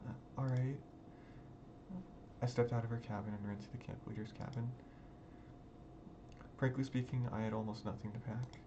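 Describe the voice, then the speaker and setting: A man's voice: on the low side, flat delivery, a little fast, long pauses, dull audio, noisy background. A man reading a visual novel aloud in a dramatic, emotional first-person narration over background music. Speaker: gaming video creator. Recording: music playing underneath.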